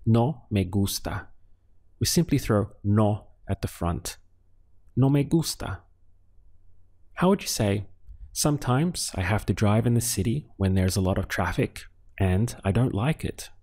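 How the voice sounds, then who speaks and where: A man teaching a language lesson step by step, patiently asking questions, pausing for answers and sounding out syllables. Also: on the low side, lively intonation, darkish tone. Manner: patient, asks questions then pauses for answers; spells out syllables slowly. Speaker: Spanish teacher.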